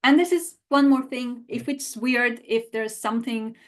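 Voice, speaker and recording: In a slightly high voice and at a slightly slow pace, a woman leads a live online language lesson. She addresses her audience directly with lively animation, reacting to their chat replies.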